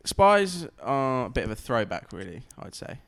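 A man's voice: mid-range voice, very animated, normal speed, gravelly. Laughing man in casual chat. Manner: laughing often, joking. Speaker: podcast co-host.

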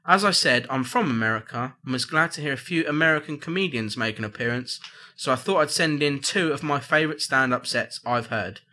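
A man's voice: medium pitch, fairly quick. Giggly man hosting a rowdy podcast. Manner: giggly, excitable, reads listener email aloud. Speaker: podcast host. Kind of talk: rowdy casual banter.

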